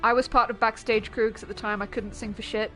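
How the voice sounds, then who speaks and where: A young woman streamer chatting casually while gaming, animated and giggly, swearing freely. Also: a little high, quick pace.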